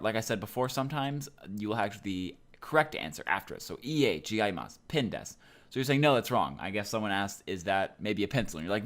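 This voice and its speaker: A young man with a fairly low voice explains grammar in a relaxed, chatty online lesson. He talks casually and drops in plenty of fillers as he goes. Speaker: Japanese teacher.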